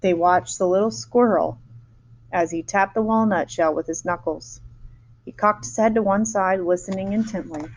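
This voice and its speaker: A woman reading a children's chapter book aloud, lively, with small slips and restarts. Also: medium pitch, normal speed. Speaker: storyteller.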